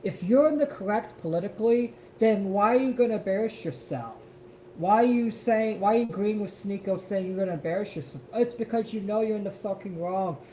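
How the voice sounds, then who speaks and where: A man's voice: high-pitched, fairly quick, warm tone, echoey room, slight background noise, low-quality recording. A man co-hosting a live stream, reacting to a clip in an emphatic, profane rant. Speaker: stream co-host.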